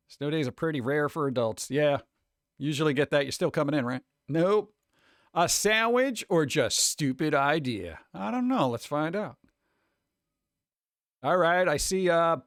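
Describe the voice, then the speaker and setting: A man with a New York accent hosts a casual livestream and chats with his viewers. His voice sits a little high, and his remarks are sarcastic and mock-exasperated. The sound is dry and close, with almost no room in it. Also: dry recording. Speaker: streamer host. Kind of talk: casual livestream chat reacting to chat.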